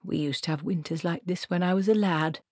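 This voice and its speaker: Lady doing a tired grumbly old wizard guy, lowish voice, dry sound. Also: steady tone, fairly quick, dry recording, close to an everyday voice. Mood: weary. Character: elderly weary male wizard, grumbling.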